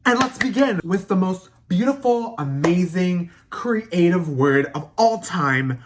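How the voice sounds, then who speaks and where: A woman's voice: lowish voice, animated, unhurried, noisy background. A young adult woman vlogging in a brash, profane and theatrical way as she explains her slang in casual talk.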